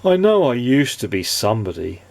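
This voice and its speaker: A man's voice: mid-range voice, big pitch swings, vocal fry, a little mellow. A man doing a mournful see-through nobody. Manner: mournful, sighing, slow and sad.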